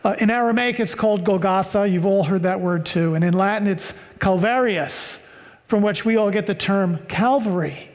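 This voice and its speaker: Man, American, pastor, sermon, deliberate emphatic reading, high pitched, reverberant church hall. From United States. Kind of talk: sermon reading and explaining scripture.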